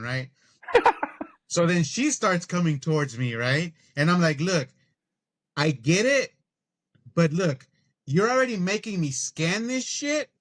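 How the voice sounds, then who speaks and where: A middle-aged man telling a story in a casual, profane, animated rant as a podcast co-host. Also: a little high.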